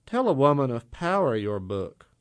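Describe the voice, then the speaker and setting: A man reading a story voices a tall, mocking woman of power who teases and taunts in quick patter. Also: mid-range voice, sing-song, no room sound, natural voice. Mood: taunting.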